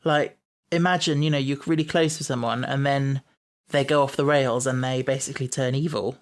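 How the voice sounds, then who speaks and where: A man's voice: mid-range voice, fairly even intonation, a little fast. A man hosting a podcast, chatting casually, musing aloud and laughing easily. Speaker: podcast host. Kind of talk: casual chat.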